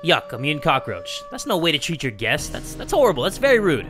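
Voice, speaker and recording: A young man giving gameplay commentary, reading game text aloud and breaking into loud swearing outbursts. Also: a little high, wildly swooping pitch, brisk, over music. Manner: reads game text aloud in a mock-dramatic tone. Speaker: gaming YouTuber.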